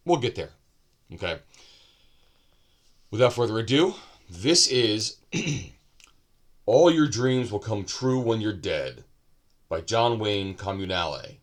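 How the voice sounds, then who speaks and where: Casual male book reviewer, lowish voice, chatty and wandering, thinks aloud mid-sentence. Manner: loose and rambling, with asides and self-corrections.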